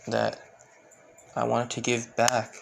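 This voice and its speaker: A man's voice: medium pitch, completely flat delivery, takes it slowly, creaky, background noise. A man telling an improvised fan story, rambling and correcting himself as he loosely voices each character's lines.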